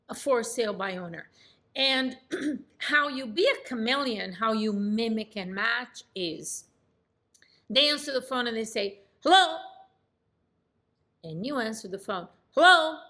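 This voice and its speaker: A middle-aged woman coaching on sales in an animated, demonstrative way. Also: fairly high pitch. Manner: animated and demonstrative, acts out phone calls. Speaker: real estate sales coach. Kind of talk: coaching lesson.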